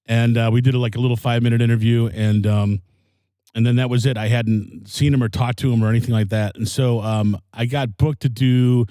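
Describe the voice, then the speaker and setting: A man telling a long anecdote in a relaxed, self-deprecating way. He trips over his words and circles back often. His voice sits at an ordinary pitch, recorded dry and close. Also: fairly quick, no room sound. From Wisconsin. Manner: rambling, self-deprecating, with many fillers and restarts. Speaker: comedian guest. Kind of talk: casual storytelling.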